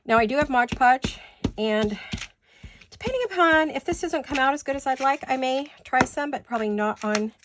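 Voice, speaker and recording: Her voice is high-pitched and at normal speed, set against a noisy background. She's a craft vlogger, weary and slightly breathless, talking casually through a home craft tutorial and drifting off into rambles as she loses her words.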